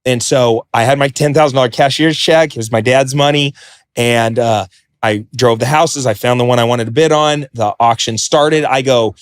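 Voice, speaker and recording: A man telling a story as a podcast guest, animated, acting out quotes and swearing freely. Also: mid-range voice, moderate pace, clean tone, dry recording, studio quality. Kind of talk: podcast interview.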